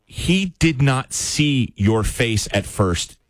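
Teasing male radio host with lively pitch. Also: no room sound, studio quality. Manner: teasing, quick interjections. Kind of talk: casual radio banter.

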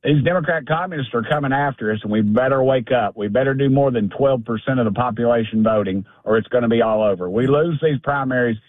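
A man's voice: medium pitch, quick pace, hardly any pauses, no room sound. A congressman calling in to a talk show, blunt and folksy, getting heated and repeating himself as he rails. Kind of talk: fired-up political call-in. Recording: dry tinny phone line.

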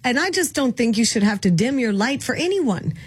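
A middle-aged woman hosts a radio talk show with outspoken, emphatic opinions. Her voice is a little high and husky. The sound is close and dry. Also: very animated, a little fast, dry recording. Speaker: radio host.

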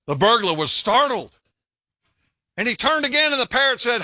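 Folksy older pastor, lively and bright. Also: male voice, very high-pitched, normal speed, dry recording. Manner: folksy, joking preacher who breaks off to tell stories. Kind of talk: sermon.

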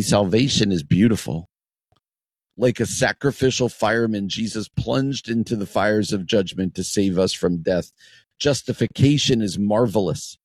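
A man's voice: mid-range voice, a little mellow, no echo. A man giving a devotional radio message in an earnest, emphatic way, repeating key phrases.

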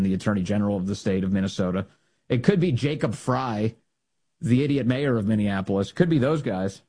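Husky, mocking American talk-show host. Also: male voice, warm tone. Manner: mocking, scornful and emphatic, with sudden high jumps in pitch. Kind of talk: opinionated political commentary.

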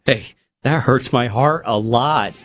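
A man's voice: medium pitch, music in the background. Chatty male radio co-host. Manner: chatty, reads news items with quick asides. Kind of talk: casual morning radio chat. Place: radio studio.

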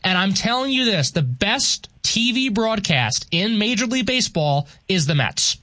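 A man's voice: high-pitched, sing-song, moderate pace, pushed and bright, dry recording. A man from New York co-hosting sports talk radio, arguing his point emphatically and repeating himself. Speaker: radio co-host.

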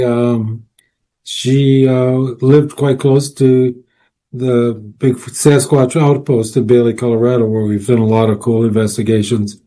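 Male guest, researcher. Relaxed, mellow tone, anecdotal, filler-heavy delivery. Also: mid-range voice. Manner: rambling, with many fillers and restarts. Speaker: guest, paranormal researcher and author. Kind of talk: casual storytelling interview.

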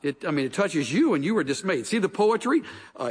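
A man's voice: fairly high pitch, lively intonation, normal speed, darkish tone, slightly rough. A man preaching a sermon in a large hall, telling stories with animation and acting out voices from scripture. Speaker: pastor. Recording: long hall reverb.

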